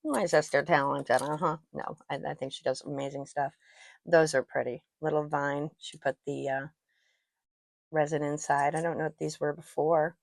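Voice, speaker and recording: Her deep, creaky voice shows little pitch movement and moves at a moderate pace, with no echo. A woman on her own jewelry channel, she chats casually in show-and-tell style, gushing over each piece, adding self-deprecating asides, and wearing a personal microphone as she talks.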